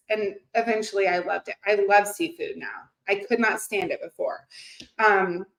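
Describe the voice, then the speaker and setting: A woman's voice: mid-range voice, animated, a little slow. Chatty woman in an echoey room. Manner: earnest, chatty, with many fillers and restarts. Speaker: host. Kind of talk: casual motivational talk to camera.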